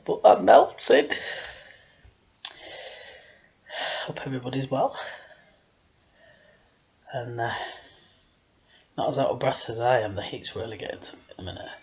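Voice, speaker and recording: A man's voice: mid-range voice, steady tone, moderate pace, long pauses, darkish tone, muffled recording. Rambling, self-mocking man. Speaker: storyteller host. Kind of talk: casual joke-telling home video.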